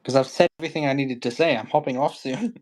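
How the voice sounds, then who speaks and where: A man's voice: medium pitch, fast. A man from Iran, a guest on a livestream, talking in a blunt, joking way with many fillers. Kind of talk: casual livestream chat.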